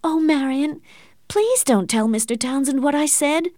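A woman reading the part of a shy, timid young woman who speaks softly and hesitantly. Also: mid-range voice, steady tone, measured pace, no echo, studio quality, natural voice.

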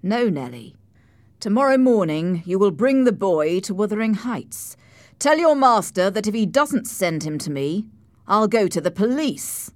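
A woman's voice: mid-range voice, big pitch swings, unhurried, no room sound. A woman voicing a harsh, scheming male landowner in an audiobook, speaking in a commanding, cold and sarcastic way. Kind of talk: audiobook character reading.

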